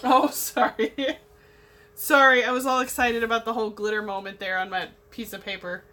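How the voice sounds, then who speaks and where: A woman's voice: mid-range voice, fast, bright, forceful tone. A young adult woman hosting a craft livestream, chatting in a bubbly way with viewers as she paints. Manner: bubbly, chatty, talks to viewers while working. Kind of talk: casual chat while painting.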